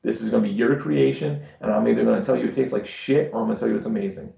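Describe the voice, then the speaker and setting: A man's voice: mid-range voice, rapid-fire, creaky, mellow. A man co-hosting a podcast, swearing freely as he tells stories in casual chat. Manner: crude, swearing storyteller. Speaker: podcast co-host. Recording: dull, roomy live-stream audio.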